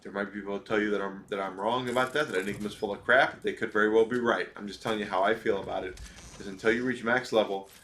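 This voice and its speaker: Guy streaming a game, kinda low voice, rambles on with his opinions, um and uh a lot, faint noise behind. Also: steady tone, quick pace, fairly bright tone. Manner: rambling, opinionated advice with many fillers. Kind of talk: casual gameplay commentary.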